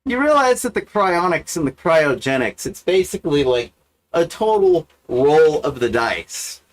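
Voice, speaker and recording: A man's voice: big pitch swings, a little slow. A man hosting a livestream, talking to camera in a profane, self-mocking, wandering monologue. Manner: wide sudden pitch swings. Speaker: livestream host. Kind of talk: rambling casual monologue.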